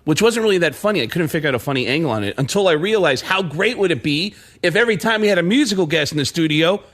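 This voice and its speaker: A man, a comedian guest, telling an animated story on a radio show and slipping into celebrity impressions. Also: on the high side, fast. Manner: animated, lively, laughing often.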